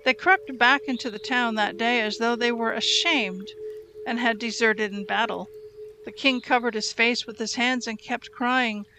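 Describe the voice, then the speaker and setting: A woman reading scripture aloud in a measured, storytelling way. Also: fairly high pitch, fairly even intonation, noisy background. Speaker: Bible reader.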